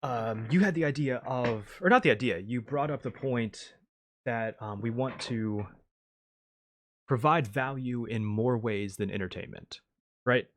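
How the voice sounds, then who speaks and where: A man co-hosting a podcast, talking casually and thinking out loud as he plans segments. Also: mid-range voice, a little slow. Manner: plans aloud with many fillers and restarts. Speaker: podcast co-host. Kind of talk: casual chat.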